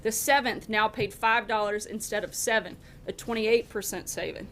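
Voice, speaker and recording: Woman reading a story out steadily, average pitch, bit of faint hiss behind. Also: fairly even intonation, normal speed, fairly bright tone. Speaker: narrator. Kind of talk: scripted narration of a story.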